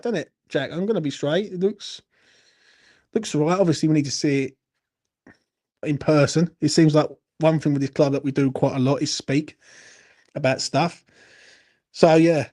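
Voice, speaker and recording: A man's voice: a little high, warm tone. A young man, hosting a late-night football Q&A and chatting casually. He swears a lot and teases viewers. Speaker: football channel host. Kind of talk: casual live Q&A chat.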